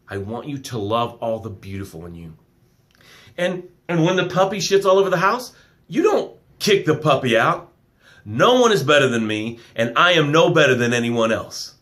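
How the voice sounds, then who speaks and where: A man with a higher-than-usual voice gives an emphatic, affectionate pep talk on a live stream. He reads out viewer comments and swings between loud bursts and quiet asides. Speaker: business coach.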